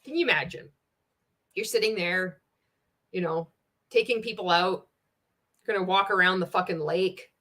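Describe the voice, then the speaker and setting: A woman anti-MLM commentator picks apart a video in a sarcastic, profane rant, laughing often. Her fairly low, fairly bright voice moves at normal speed with long pauses.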